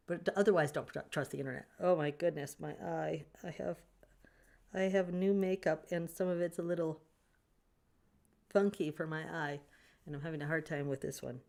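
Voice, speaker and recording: A woman with a Southern US accent, hosting her own livestream and chatting with viewers, playful and quick to laugh. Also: on the low side. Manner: chatty, bursts into laughter, playful mock scolding. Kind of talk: casual livestream chat reading comments.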